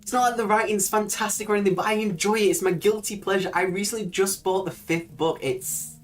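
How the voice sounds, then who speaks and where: A woman's voice: medium pitch, steady tone, a little fast, soft background music. A woman hosting a casual livestream, chatting freely, laughing often and swearing casually. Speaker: livestream host.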